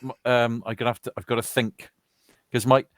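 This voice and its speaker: A man's voice: medium pitch, level tone, a little fast, no room sound. A British man in his fifties from Wales, chatting over online voice chat with friends in a rambling, easygoing way, laughing as he tells stories. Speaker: soldier chatting with gaming friends. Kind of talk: casual voice chat.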